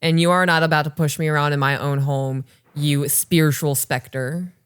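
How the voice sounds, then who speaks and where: A woman in her thirties co-hosting a podcast, reading listener stories and chatting casually, animated and swearing freely. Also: sits low, normal speed, smooth. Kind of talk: casual chat and story reading.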